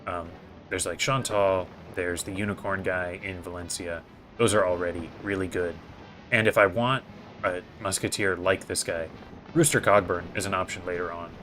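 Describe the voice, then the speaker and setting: A man's voice: sits low, steady tone, normal speed, a bit bright, soft background music. A man giving casual gameplay commentary as host, thinking aloud in a hesitant way with many fillers. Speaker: gaming video host.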